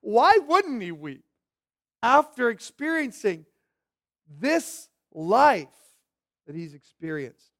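A man with a fairly high voice preaches a sermon. He keeps it conversational, throwing questions at his listeners and briefly acting out the voices of the people in the story. His delivery is lively and moves up and down. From York County. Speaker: pastor.

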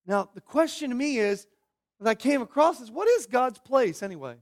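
A pastor preaching a sermon in a lively, conversational way, asking the congregation questions and acting out what people say. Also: male voice, extremely high pitch, normal speed. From York County.

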